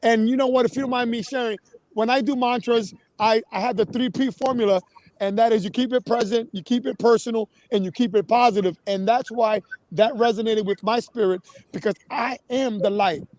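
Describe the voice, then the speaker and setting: A man's voice: very high-pitched, fairly even intonation, a little fast, a little mellow, no room sound, poor audio. A man hosting a live online talk show, effusive and upbeat, leading his guests in chants. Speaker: host.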